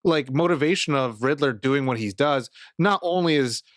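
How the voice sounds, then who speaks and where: A man co-hosting a casual podcast, animated and swearing freely as he acts out quotes. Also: medium pitch, normal speed, no echo, studio quality. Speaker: podcast co-host.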